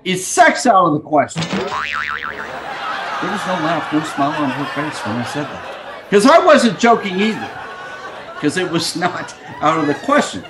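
A man's voice: a little high, very animated, normal speed, long pauses, crowd noise, noisy background. A middle-aged man hosting a podcast, rambling in a crude, joking, scatterbrained way over a video call. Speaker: podcast host. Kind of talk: casual rambling monologue.

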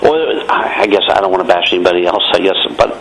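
A man hosting a casual interview, relaxed and chatty. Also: deep voice, fast, noisy background. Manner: relaxed, chatty, frequent agreeing murmurs.

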